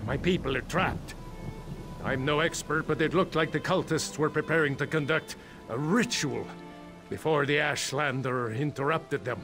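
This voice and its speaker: A man's voice: on the high side, moderate pace, music in the background, natural voice. An actor playing a nervous male mine boss in a video game, talking in a dry, sardonic way. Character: worried male mine boss, wry and jumpy. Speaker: mine owner non-player character.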